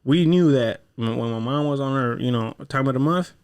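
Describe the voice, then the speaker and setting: A man's voice: mid-range voice, a little fast, a little mellow, clean tone. A young man co-hosting a podcast, telling stories from his childhood in a laid-back, casual way, swearing freely and acting out what people said. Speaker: podcast co-host. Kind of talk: casual chat, storytelling.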